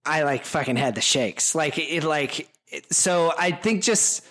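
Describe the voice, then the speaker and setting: A man with a fairly high voice speaks frankly on an unedited podcast. He is blunt and teasing, swears freely, and fills his sentences with "like". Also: a little slow, a bit bright. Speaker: podcast co-host. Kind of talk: casual unedited chat.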